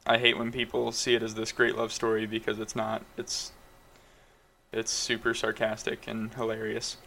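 A man's voice: lowish voice, monotone, normal speed, creaky, pushed and bright. A man co-hosting a podcast in casual chat, blunt and opinionated. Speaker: podcast co-host.

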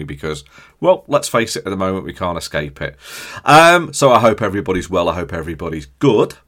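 A man hosting a podcast, hoarse from a chest infection, rambling and ranting jokily in casual chat. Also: deep voice, fairly bright tone. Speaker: podcast host.

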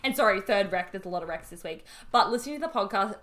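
A woman's voice: medium pitch, expressive, fast, fairly bright tone. Chatty Australian woman podcast co-host. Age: 20s. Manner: chatty, laughs often, swears casually. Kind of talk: casual chat.

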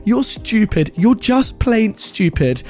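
A man voicing a hostile middle-aged woman neighbor who screams insults in a high, shrill voice. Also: very animated, slow pace, a little mellow, faint music behind. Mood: shrieking insults. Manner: screaming, insulting, self-righteous.

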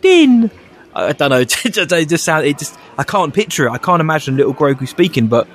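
A man's voice: fairly high pitch, fast talker, a bit bright. A man co-hosting a podcast, rambling and self-mocking in casual chat, laughing often. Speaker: podcast co-host.

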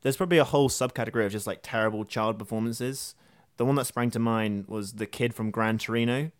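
Dry-humoured low-voiced man chatting. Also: fast, no room sound. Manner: dry, joking, laughs often. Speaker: podcast co-host. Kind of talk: casual film chat.

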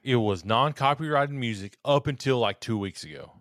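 A man's voice: medium pitch, normal speed, a bit bright, no room sound, clean studio sound. A man co-hosting a podcast in casual chat, tipsy from drinking, rambling, joking and swearing freely. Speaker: podcast co-host.

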